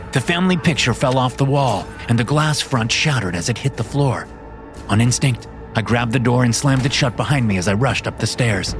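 Low-voiced man narrating a horror story.

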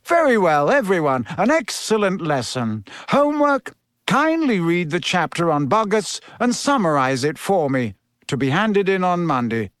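Lupin, a brisk, upbeat teacher, voiced by a man. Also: sits high, sing-song, fairly bright tone, clear, resonant tone, no echo, clean studio sound. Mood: cheerful. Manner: brisk, cheerful, commanding. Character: encouraging middle-aged male teacher.

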